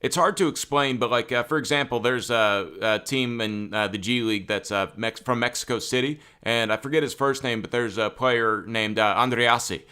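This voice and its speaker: A young man co-hosting a casual sports-broadcasting chat, talking conversationally with many fillers and getting animated when excited. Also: medium pitch, moderate pace, few pauses, clean tone. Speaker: co-host.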